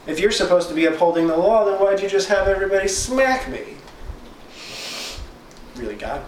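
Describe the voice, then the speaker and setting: A man's voice: sits high, animated, normal speed, pauses often, roomy sound. Brief: male Bible teacher, casual paraphrasing style, distant mic, faint background noise. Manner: reads scripture then paraphrases it in plain, chatty terms.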